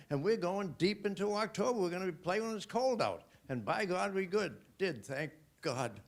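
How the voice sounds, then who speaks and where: A man on a panel at a hotel event, reminiscing thoughtfully and pausing often with fillers. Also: sits high, animated. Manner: reflective, hesitant with fillers.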